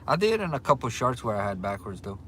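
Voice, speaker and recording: A man's voice: medium pitch, sing-song, fast, pushed and bright, slight background noise. A man from Louisiana with a Cajun accent, chatting casually on a livestream and reading viewer comments aloud in a rambling way. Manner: rambling, chatty, restarts often. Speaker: livestream host. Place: restaurant.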